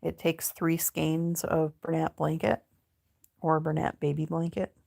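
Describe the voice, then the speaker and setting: A woman hosting a casual crochet livestream, relaxed and chatty, reading viewer comments aloud. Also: deep voice, unhurried, gravelly. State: sleepy, yawning. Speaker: livestream host. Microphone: phone.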